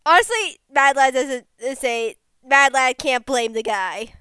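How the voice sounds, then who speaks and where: A woman's voice: high voice, lively intonation, takes it slowly, pushed and bright, clean tone, no echo. A woman playing a tabletop game, casually talking about her character in the third person.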